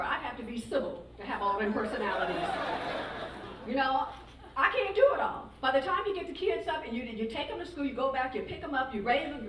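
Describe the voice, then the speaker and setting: A woman's voice: sits high, fairly bright tone. A middle-aged woman doing stand-up comedy, sassy and chatty, teasing the audience about marriage and motherhood. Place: large hall with live audience. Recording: echoey hall from far off, crowd laughter and noise.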